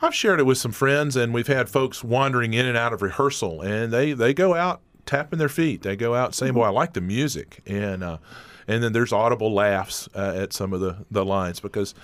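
A man's voice: mid-range voice, moderate pace, a bit bright, dry recording. A man from North Carolina and Tennessee with a Southern accent, an easygoing theater director talking in a radio interview.

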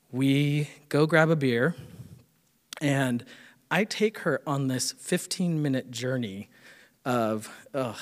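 A man telling a true personal story on stage in an animated, self-mocking way. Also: mid-range voice, long reverb tail.

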